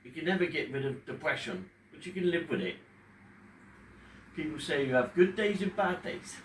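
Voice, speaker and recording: A man in his fifties speaking emotionally at home in front of a fish tank, pausing often as he talks about his own experience. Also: a little high, big pitch swings. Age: 50s. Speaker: vlogger talking about his depression. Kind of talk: unscripted personal talk to camera. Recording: echoey room, distant mic, faint background hum.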